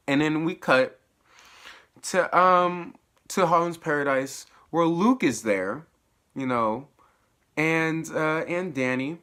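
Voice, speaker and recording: A man at home giving a slangy, animated spoken recap of a TV episode, dropping to low mutters and jumping to high exclamations and laughing often. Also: a little slow, a little hiss or hum. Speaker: TV episode reviewer. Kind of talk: casual spoiler recap.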